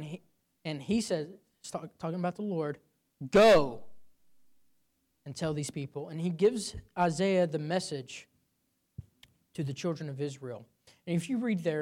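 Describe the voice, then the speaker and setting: A man preaching a sermon, telling a personal story and building to loud emphatic peaks before dropping low and quiet.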